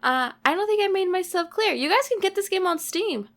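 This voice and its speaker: A woman's voice: very high voice, lively intonation, a little fast, a bit bright. A young woman hosting a gaming video, chatting casually and reading the game text aloud in a bubbly way.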